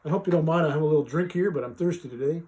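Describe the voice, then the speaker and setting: Speaking fast in a warm voice on the high side, a vlogger reads a brief scripture passage during a casual live stream. His explanation wanders folksily, full of filler words and false starts.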